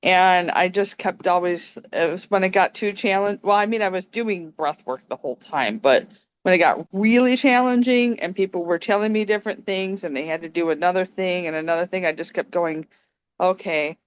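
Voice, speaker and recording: A young woman calmly telling a personal story on a video call, gentle and laughing often. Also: fairly low pitch, fairly quick, smooth, lo-fi sound. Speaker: meditation participant sharing a story. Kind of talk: casual spoken testimony on a video call. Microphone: phone camera on a video call.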